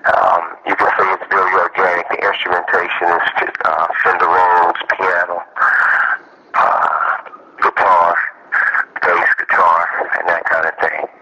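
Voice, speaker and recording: A laid-back man in his forties, a musician guest, talking slowly and rambling with fillers in a casual interview. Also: low-pitched, flat delivery, bright, forceful tone. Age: 40s. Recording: muffled radio with hiss.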